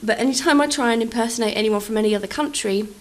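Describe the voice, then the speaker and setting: A woman's voice: a little high, racing, low-quality recording. A British woman in her thirties telling rambling, self-deprecating stories in a casual game-build vlog. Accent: British English. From England. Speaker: vlogger.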